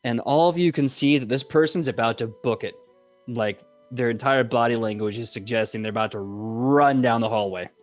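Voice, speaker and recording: A man narrating as game master in a tabletop game, talking loosely and joking, quick to laugh. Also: mid-range voice, faint music behind.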